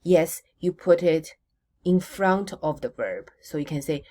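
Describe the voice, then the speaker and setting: Woman language teacher, deep-pitched, slow and patient, drills words and answers her own prompts. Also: expressive, warm tone. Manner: models words slowly for repetition, asks questions and answers them herself. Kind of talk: recorded language lesson.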